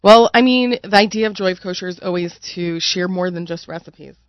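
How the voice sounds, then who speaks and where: A woman's voice: lowish voice, a little fast, no echo. Woman editor chatting on a podcast, earnest, dull dry sound. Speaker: magazine editor guest. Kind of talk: casual interview chat.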